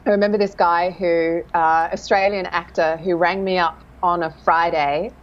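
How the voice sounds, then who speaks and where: A woman dialect coach in a casual interview, talking thoughtfully and often pausing to search for words. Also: lowish voice, steady tone, lo-fi sound.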